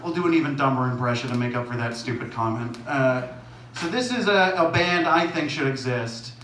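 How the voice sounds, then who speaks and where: A man's voice: mid-range voice, expressive, a little fast, fairly bright tone. A man doing a rambling, self-mocking stand-up set, laughing at his own jokes. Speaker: stand-up comedian. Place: small comedy venue with audience. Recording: echoey room from far off, noisy.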